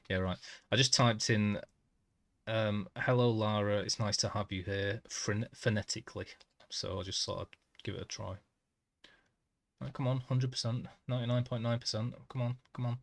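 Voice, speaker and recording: A man streaming a game, casually trying out foreign phrases haltingly and chuckling at himself. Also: fairly low pitch, level tone, vocal fry. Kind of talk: casual live-stream chat.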